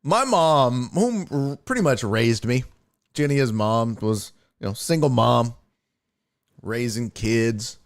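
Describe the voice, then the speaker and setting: Male streamer host, casual and profane, expressive swooping delivery, unhurried. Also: mid-range voice. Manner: animated, swearing, incredulous storytelling. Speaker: sports show host and streamer. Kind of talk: casual live-stream chat.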